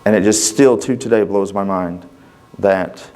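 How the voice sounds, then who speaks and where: A man's voice: deep voice, a little slow, a little mellow, faint music behind. A man, a father, giving a personal testimony to a congregation, telling his story casually in plain, folksy speech and acting out the conversations. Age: adult father. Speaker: church member giving a testimony.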